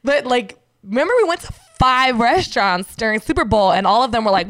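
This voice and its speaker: Animated woman telling stories, dry sound. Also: fairly high pitch, brisk, few pauses, no room sound. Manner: animated storytelling with laughter and cursing. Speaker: friend chatting. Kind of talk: casual chat.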